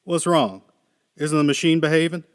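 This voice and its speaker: A man reading the part of a weary, skeptical male engineer with a dry, gruff manner. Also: a little high, moderate pace, no echo, pitched above the performer's own voice, lightly acted.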